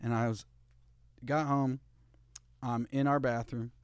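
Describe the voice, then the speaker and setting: A man's voice: mid-range voice, flat delivery, takes it slowly, smooth, dry recording, studio quality. A young man co-hosting a podcast, telling a long crude story in a rambling, laughing way. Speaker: podcast co-host. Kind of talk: casual chat.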